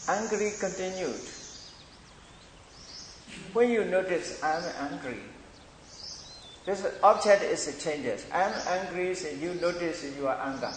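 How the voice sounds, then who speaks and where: Male meditation teacher, unhurried repetitive lecturing, booming room echo with faint background noise. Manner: slow, repetitive explaining, non-native English phrasing. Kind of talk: Buddhist dharma lecture. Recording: echoey hall with long reverb, faint noise.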